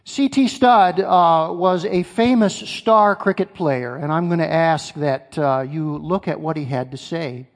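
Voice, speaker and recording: A man's voice: a little high, unhurried, few pauses. A male pastor preaching a sermon, emphatic, repeating key phrases and asking his congregation questions. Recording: long hall reverb.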